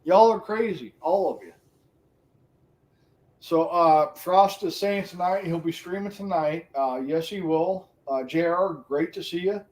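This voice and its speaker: A middle-aged, retired man chatting on a livestream, animated, profane and laughing often. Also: a little high, a little slow. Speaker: livestream co-host. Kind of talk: casual stream chat.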